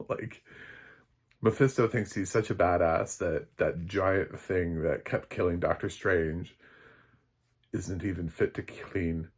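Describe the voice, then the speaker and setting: A man's voice: low voice, takes it slowly, long pauses, breathy edge. A man, a film critic, giving a casual spoken recap of a TV episode in a rambling, chatty way with many fillers and chuckles.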